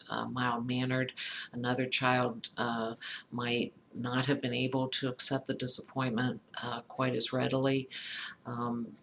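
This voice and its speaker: Slow, halting woman telling a story. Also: extremely low pitch, a bit bright, slight background noise. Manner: halting, many fillers and restarts. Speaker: psychologist talking about empathy. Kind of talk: reflective personal storytelling.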